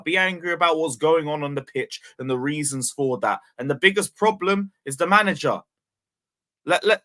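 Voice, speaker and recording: A man's voice: a little high, pushed and bright. A man hosting a football fan channel, ranting in an exasperated, sarcastic way and swearing often. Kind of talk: casual fan vlog rant.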